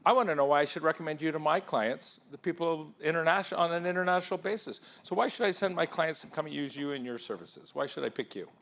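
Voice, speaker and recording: Man, keynote speaker, slightly high voice, persuasive, energetic, asks the room questions. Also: quick pace, gravelly, hardly any pauses. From England. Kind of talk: interactive conference talk. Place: conference hall.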